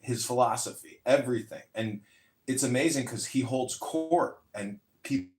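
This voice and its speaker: A man's voice: mid-range voice, moderate pace, a little mellow, reverberant. A man talking boastfully and at length in a casual audio chat room. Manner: boastful, rambling.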